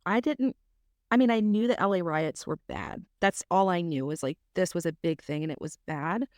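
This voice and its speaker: A woman, co-hosting a podcast with chatty, quick reactions. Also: lowish voice, dry recording, clean studio sound. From South Mississippi. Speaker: podcast co-host. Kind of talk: casual podcast chat.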